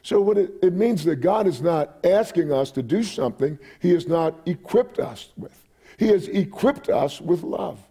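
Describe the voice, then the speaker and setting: A man's voice: high voice, lively intonation, moderate pace, dark tone, husky. A man in his forties preaching a sermon while he has a cold, reading scripture aloud and repeating phrases for emphasis. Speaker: pastor.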